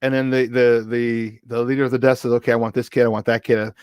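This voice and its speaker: A man co-hosting a sports talk show, telling a long story in a casual, animated way and jumping into the voices of the people he quotes. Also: medium pitch, quick pace, clean tone, no room sound. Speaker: co-host. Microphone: remote mic, virtual studio.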